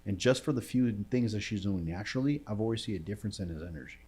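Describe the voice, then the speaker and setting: Guy with a lowish voice telling a story in a podcast, casual, says bro and dude a lot. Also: animated, racing, breathy edge. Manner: emotional storytelling, often drops to a quiet low voice. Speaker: entrepreneur guest.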